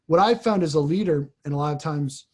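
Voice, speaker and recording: A man, a priest hosting a podcast, talking casually and haltingly, often repeating words as he thinks. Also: fairly high pitch. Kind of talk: casual conversation.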